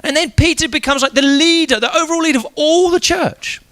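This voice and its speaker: A man's voice: very high-pitched, brisk. A man preaching an evening church sermon in a casual, conversational way, telling the story animatedly. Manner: animated storytelling, acting out quoted voices.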